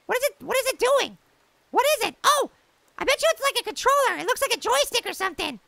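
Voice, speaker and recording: A woman's voice: very high-pitched, very animated, fast talker, vocal fry, sharp tone, no echo. A woman commentating her gameplay in a bubbly, giggly way, often exclaiming at surprises. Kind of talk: gaming let's play commentary. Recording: noisy home recording.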